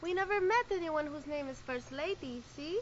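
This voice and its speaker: An actress playing a pushy counselor who speaks broken English sprinkled with Spanish words. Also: female voice, high voice, lively intonation, moderate pace. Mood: smug. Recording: lo-fi film audio with background noise.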